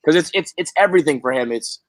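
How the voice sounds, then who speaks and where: A man's voice: fairly high pitch, expressive, quick pace, no room sound. A man hosting a casual sports podcast from an office, profane and exasperated as he talks. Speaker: podcast host.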